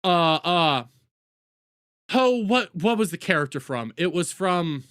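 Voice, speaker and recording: A man's voice: sits high, expressive, slow pace, a bit bright, clean tone, no room sound, studio quality. A man doing crude, sarcastic reaction commentary as a streamer, mocking the people he watches.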